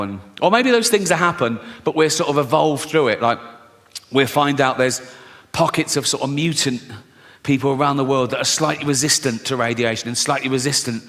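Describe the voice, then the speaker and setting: A man's voice: medium pitch, a bit bright. A man performing stand-up comedy, telling crude, sardonic stories full of swearing. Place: live comedy venue on stage. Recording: live hall reverb, faint noise.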